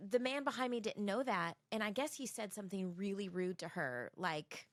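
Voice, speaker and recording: A woman co-hosting a casual podcast, telling a story with lively energy and acting out the people in it. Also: mid-range voice, moderate pace, no echo. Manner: animated storyteller, acts out quoted people. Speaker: podcast co-host.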